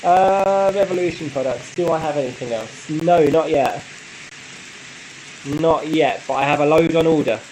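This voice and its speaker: A man hosting a casual live stream, chatting in a relaxed way and answering viewer comments with frequent light laughs. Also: a little high, moderate pace, a little hiss or hum, poor audio. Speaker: model railway channel host.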